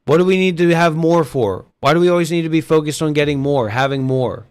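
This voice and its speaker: Male voice chat host, slightly high, crude and abrasive. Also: brisk, a little mellow, clean tone. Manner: crude, swearing, insulting. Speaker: host of an online voice chat stage. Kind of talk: casual chat. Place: online voice chat.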